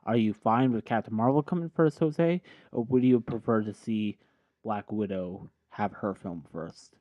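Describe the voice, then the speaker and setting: A man's voice: on the low side, measured pace, no echo. Tipsy man hosting a podcast. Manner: rambling, self-correcting. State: tipsy from drinking. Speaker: podcast host. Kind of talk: casual podcast chat. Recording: dull lo-fi sound.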